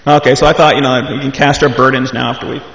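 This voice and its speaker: A man's voice: medium pitch, steady tone, fast, creaky, a bit bright. A man hosting a ministry meeting, talking in a rambling, hesitant way and introducing the speaker. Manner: rambling, hesitant, full of fillers. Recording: echoey hall, dull lo-fi sound.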